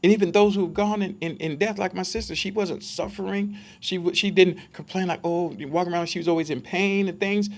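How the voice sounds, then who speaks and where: A man's voice: high-pitched, steady tone, a little fast, few pauses. A man giving a conversational Bible study sermon, emphatic and full of rhetorical questions for his listeners.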